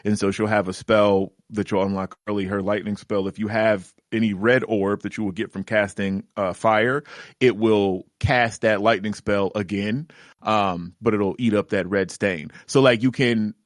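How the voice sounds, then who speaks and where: A man co-hosting a casual gaming podcast speaks at a moderate pace in a fairly low voice with fairly even intonation. He rambles, filling his talk with fillers and restarts. The sound is clean studio audio with no echo.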